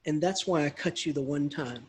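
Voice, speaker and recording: A man's voice: fairly high pitch, normal speed, husky, voice pushed down. A man voicing a knight who scolds and explains in a casual, chummy way. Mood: explaining. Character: gruff male knight, tester, scolding.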